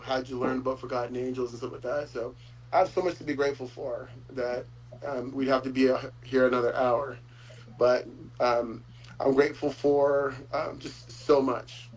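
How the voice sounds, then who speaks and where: A man hosting a casual chat, talking in a rambling, warm-hearted way with frequent chuckles. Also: mid-range voice, a little hiss or hum, rough recording. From Florida. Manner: rambling, chuckles often, fillers. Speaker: host.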